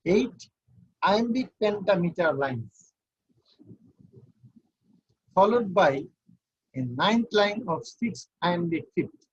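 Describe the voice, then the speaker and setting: A man's voice: high-pitched, breathy edge, lo-fi sound. A man giving an online university class, explaining step by step and counting things out. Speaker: university lecturer.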